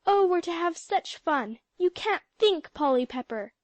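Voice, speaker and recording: A woman voicing an impulsive, eager schoolgirl who talks in an excited, breathless rush. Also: extremely high pitch, measured pace, no room sound, voice pushed up.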